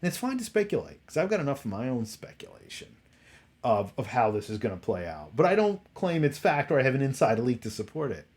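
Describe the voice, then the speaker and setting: A man talking through his views in a loose, rambling way, circling back and restarting as he goes. He sounds exasperated, his voice sitting at an ordinary middle pitch. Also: very animated, brisk, darkish tone. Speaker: host. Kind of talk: casual commentary.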